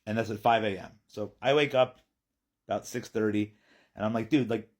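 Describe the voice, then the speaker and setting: A man telling a personal story in a chatty, animated vlog. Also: on the low side, normal speed.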